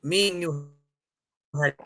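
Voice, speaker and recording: A man co-hosting a sports show, speaking in slow, hesitant casual talk. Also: on the high side, sharp tone.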